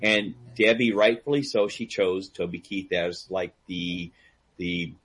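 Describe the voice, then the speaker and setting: A man telling a long story in casual chat, animated and laughing, acting out the people he quotes. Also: sits low, measured pace, breathy edge. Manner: animated, acts out quoted voices, laughs a lot. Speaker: guest storyteller; DJ and karaoke host. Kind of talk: casual storytelling on a call-in talk show.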